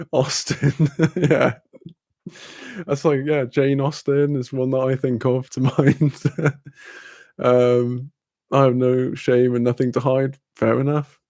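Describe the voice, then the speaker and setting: A young man chatting casually on a live stream, laughing often and filling pauses with ums. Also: medium pitch, level tone, darkish tone, no echo.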